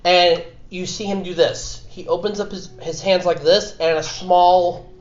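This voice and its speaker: A man's voice: sits high, fairly even intonation. Man running a tabletop game, echoey room. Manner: halting, restarts often while describing. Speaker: game master. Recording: echoey muffled room recording.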